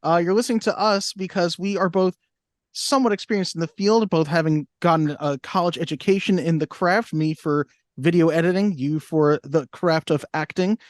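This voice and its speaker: A man co-hosts a movie podcast with a wry, teasing edge. His voice sits slightly high for a man. The recording is close and dry with no room sound. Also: normal speed, no echo. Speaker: podcast co-host. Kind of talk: casual chat.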